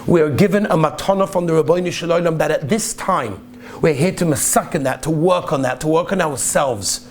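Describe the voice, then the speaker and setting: Male rabbi, sermon storyteller, earnest and emphatic, slightly high pitch. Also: fairly quick, a little hiss or hum. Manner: earnest, emphatic, repeats key phrases. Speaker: rabbi giving a talk.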